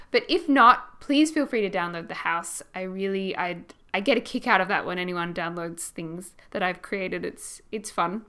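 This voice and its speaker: A woman's voice: mid-range voice, fairly bright tone. A young Australian woman chatting casually as she narrates a house build for her channel, rambling and laughing as she goes. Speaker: gaming YouTuber.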